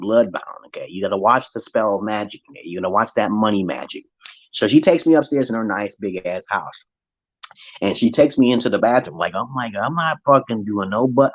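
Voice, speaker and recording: A vlogger with a lowish voice tells a long personal story in a casual, profane monologue, acting out the voices of the people he quotes. The lo-fi recording sounds dull and dry, with no echo.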